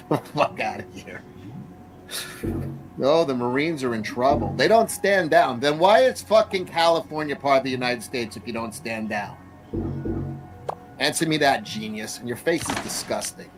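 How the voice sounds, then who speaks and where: A man's voice: medium pitch, lively intonation, measured pace, pauses often, soft background music, rough recording. Foul-mouthed mocking male streamer. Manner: profane, mocking, combative. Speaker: streamer reacting to videos. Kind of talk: live reaction commentary.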